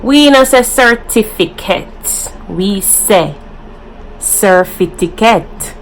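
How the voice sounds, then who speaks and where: Jamaican woman explaining words slowly. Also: medium pitch, fairly bright tone, a little hiss or hum, poor audio. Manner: playful, slips into Jamaican patois examples. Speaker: vlogger. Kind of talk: casual vlog.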